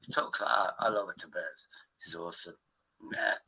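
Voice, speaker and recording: A man's voice: low-pitched, fairly even intonation, bright, forceful tone, slightly rough, poor audio. A man chatting casually on a stream, swearing and joking. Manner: swearing, banter, quick asides. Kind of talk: casual chat.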